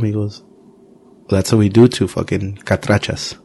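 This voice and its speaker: Gravelly, husky man telling stories. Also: low voice, little pitch movement, fairly quick, a little mellow. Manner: loose, profane storytelling with voiced quotes. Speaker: podcast host. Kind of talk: casual chat.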